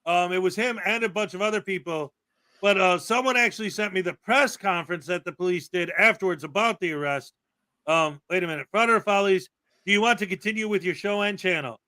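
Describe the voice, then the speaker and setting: A man's voice: high voice, fairly quick, bright, forceful tone, no room sound. A man hosting a casual livestream commentary show, chatty, with frequent fillers and laughs. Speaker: livestream host.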